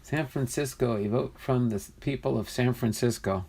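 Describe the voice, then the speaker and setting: Guy on a live stream, mid-pitched, chatty and easily amused, reading comments out loud. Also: normal speed, creaky, breathy edge. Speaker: livestream host opening trading card packs. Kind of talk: casual live-stream chat.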